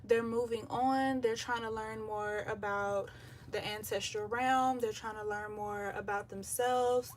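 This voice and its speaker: A slightly high-voiced woman talks slowly through a live tarot reading, breathless and easygoing, scattering ums between her thoughts. Her voice sits a little away from the mic, with faint beach surf washing in behind her. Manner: relaxed, chatty, many filler ums. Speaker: tarot reader. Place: home by the beach, windows open. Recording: voice a bit far from the mic, faint surf noise. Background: faint beach waves.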